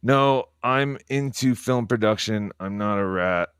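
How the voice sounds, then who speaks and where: Brief: low-pitched male streamer, profane and rambling, talking quietly at home at night, dry room. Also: unhurried, clear, resonant tone, no room sound. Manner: talking quietly so as not to wake others. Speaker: livestreamer. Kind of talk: casual livestream monologue.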